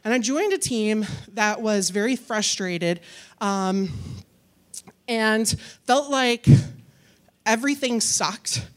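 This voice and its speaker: A woman's voice: a little high, animated, slow, a bit bright. A woman giving a conference talk and answering audience questions in a chatty, upbeat way, often using "like". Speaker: conference speaker.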